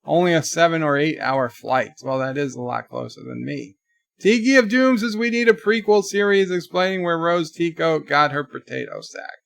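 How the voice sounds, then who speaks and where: A man's voice: fairly high pitch, expressive, normal speed, vocal fry, no room sound. A man hosting a casual livestream who reads viewers' chat messages aloud and answers them. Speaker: livestream host.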